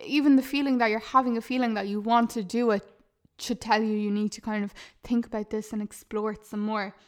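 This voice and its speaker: A woman's voice: on the high side, fairly even intonation, fairly quick, darkish tone. A woman, chatting earnestly on her podcast, laughing often and calling her listeners "lads". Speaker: podcast host and YouTuber. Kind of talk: casual podcast chat.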